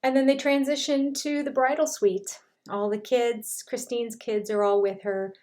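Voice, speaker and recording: A woman's voice: a little high, steady tone, a little slow, darkish tone, faint music behind. An older woman reviewing a reality show in casual commentary, retelling scenes in a chatty way and quoting what people said.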